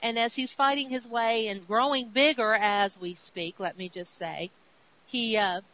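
A woman's voice: on the high side, unhurried, dry recording. A woman co-hosting a podcast, casually recapping a comic book and acting out its characters' lines. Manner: animated retelling with acted-out quotes. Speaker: podcast co-host. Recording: dull lo-fi audio with faint hiss.

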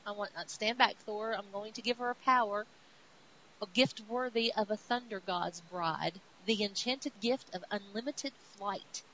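A woman's voice: mid-range voice, normal speed, fairly bright tone, close to an everyday voice. A woman voicing a solemn older king of the gods, speaking in archaic, formal phrasing, on a slightly muffled recording with faint hiss.

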